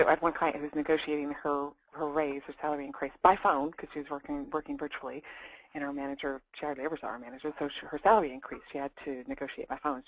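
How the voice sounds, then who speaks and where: A woman's voice: low voice, no room sound, rough recording. A woman career coach giving a plain-spoken, conversational webinar talk.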